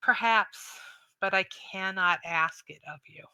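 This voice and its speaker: A woman doing a grave, gentle unicorn. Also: on the low side, measured pace, no room sound. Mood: solemn. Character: solemn, gentle female unicorn. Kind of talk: tabletop game role-play.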